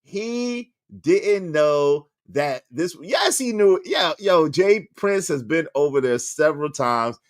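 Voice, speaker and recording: Animated mocking male streamer. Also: fairly high pitch, takes it slowly, hardly any pauses, no echo, clean studio sound. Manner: animated, mocking, bursts into song and laughter. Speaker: commentary streamer. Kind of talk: casual reaction commentary.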